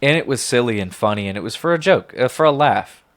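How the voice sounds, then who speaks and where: A man co-hosting a podcast in casual chat, talking in a measured, reflective way with careful restarts. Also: mid-range voice, lively intonation. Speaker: podcast co-host.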